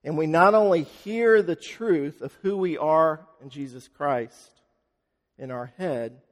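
This is a sermon from a man whose voice is a little high, recorded in a large hall. He tells a story theatrically, alternating between loud, fast bursts and hushed, slow moments.

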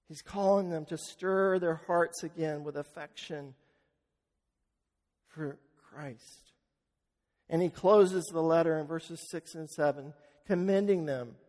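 A pastor preaching to his congregation in a slightly high voice, earnest and unhurried as he tells a story. He slows down and drops his voice on key phrases. The sound carries a long reverb from the church sanctuary. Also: darkish tone. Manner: earnest storytelling, slowing for emphasis. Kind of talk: sermon.

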